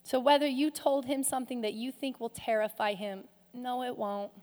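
A woman pastor preaching a sermon, passionate, swinging from loud rises to soft, hushed drops. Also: a little high, normal speed. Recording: long hall reverb.

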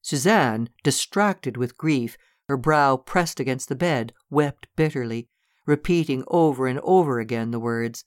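A narrator giving a measured, dramatic reading of a classic story. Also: medium pitch, no room sound, clean studio sound.

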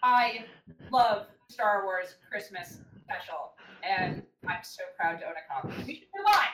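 A woman co-hosting a podcast in casual chat, giggly and excitable. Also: medium pitch, a little slow, a little hiss or hum. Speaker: podcast co-host. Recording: echoey room.

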